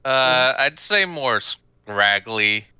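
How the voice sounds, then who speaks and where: A man's voice: mid-range voice, lively intonation, extremely slow, pushed and bright, clean tone, no room sound, muffled recording. A man playing in a casual tabletop game, giving brief, hesitant replies. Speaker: player.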